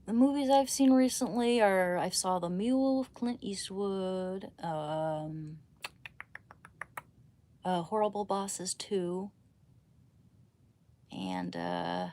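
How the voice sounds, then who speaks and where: A young adult woman chatting casually on a late-night livestream from home. She rambles playfully and often drops to a hushed voice so she won't wake her family, speaking into a phone. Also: medium pitch, expressive, takes it slowly, long pauses.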